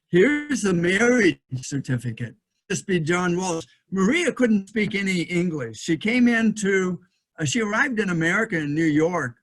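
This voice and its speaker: Brief: middle-aged male lecturer, voice a touch high, halting delivery with many ums and restarts. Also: a bit bright. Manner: thinking aloud, frequent fillers and restarts. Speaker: historian giving a lecture. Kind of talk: lecture presentation with slides.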